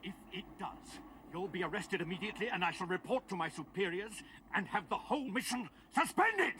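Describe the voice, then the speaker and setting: A man's voice: sits high, brisk, natural voice. An actor playing a stern male army major who barks orders in a TV movie. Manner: barking orders. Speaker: army major escorting the train. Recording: noisy film soundtrack.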